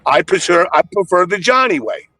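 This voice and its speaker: A man's voice: high voice, expressive, brisk, sharp tone, dry recording, soft background music. A man in casual podcast chat, telling stories in a blunt, profane way.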